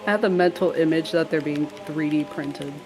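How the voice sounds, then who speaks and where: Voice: medium pitch, fairly even intonation, normal speed, poor audio. A player chatting casually at a game table, joking and laughing over background music. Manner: giggly, joking.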